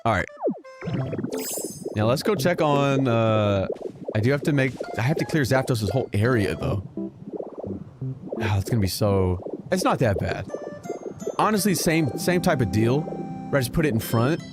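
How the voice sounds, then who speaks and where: Animated, swearing gaming streamer, game music behind. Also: male voice, medium pitch, normal speed, long pauses. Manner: animated, joking, swears freely. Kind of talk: casual gameplay commentary.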